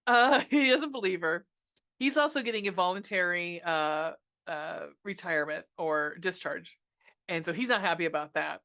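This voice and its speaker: A woman's voice: lowish voice, moderate pace, bright, forceful tone. A woman hosting a podcast, ranting sarcastically about a movie with lots of swearing and fillers. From United States. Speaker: podcast host reviewing a film. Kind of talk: casual movie review monologue.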